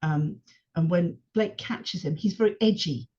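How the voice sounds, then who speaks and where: Dark husky-voiced woman podcast guest. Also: on the low side, a little slow. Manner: engaged, animated retelling of scenes. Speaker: podcast guest, longtime fan. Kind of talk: casual chat. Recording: dull lo-fi podcast audio.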